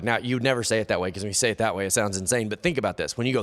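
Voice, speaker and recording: A man's voice: fairly low pitch, expressive, racing, hardly any pauses, a bit bright. A man preaching a sermon as pastor, conversational and acting out quoted inner dialogue. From United States. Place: church hall. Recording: long church-hall reverb.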